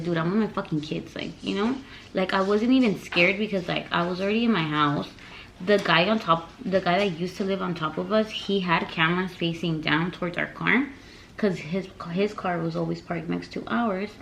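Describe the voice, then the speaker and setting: Young woman vlogger, casual and rambling, mid pitch with vocal fry, code-switching Spanish. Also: steady tone, normal speed, slight background noise, rough recording. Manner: rambling, filler-heavy, mixes English and Spanish. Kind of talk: casual storytime.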